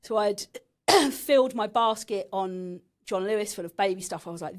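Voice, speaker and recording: A woman's voice: mid-range voice, a little fast. Woman, 30s, from England. Podcast guest sharing a raw personal story; frank and emotional, mid-range voice.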